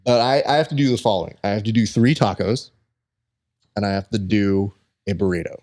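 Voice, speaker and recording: A young adult man hosting a podcast, chatting casually and telling lively stories, acting out the people he quotes. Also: on the low side, a little fast. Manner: animated storyteller who acts out quoted people. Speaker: podcast host. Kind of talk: casual chat.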